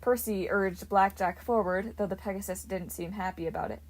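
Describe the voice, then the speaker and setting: Woman, audiobook narrator, expressive storybook reading. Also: medium pitch, normal speed, poor audio.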